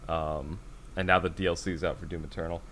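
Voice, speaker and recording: A man with a lowish voice talking casually as a podcast co-host. He rambles through his stories, laughs partway through sentences and swears offhandedly. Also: flat delivery, fast, a bit bright, a little hiss or hum.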